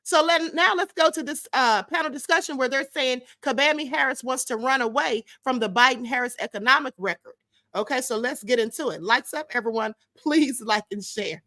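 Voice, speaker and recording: A woman hosts her own political livestream, talking to her viewers in a blunt, sarcastic way. Her voice sits high and bright. The sound is dry and close, with no room echo. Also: fairly quick. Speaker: livestream show host.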